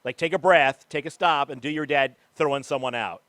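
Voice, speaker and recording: A man's voice: on the high side, fairly quick, fairly bright tone, no room sound. A man co-hosting a casual interview, chiming in, laughing and egging his guest on. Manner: chimes in, laughs, eggs the guest on. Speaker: podcast co-host.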